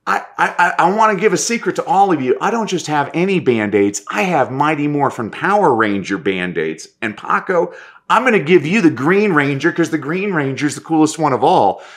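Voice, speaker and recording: A man telling stories as a podcast guest and presentation coach, animated and acting out quoted lines, often restarting words as he talks. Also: a little high, moderate pace. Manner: lively, stammers restarts, acts out quotes. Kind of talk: animated anecdotal storytelling.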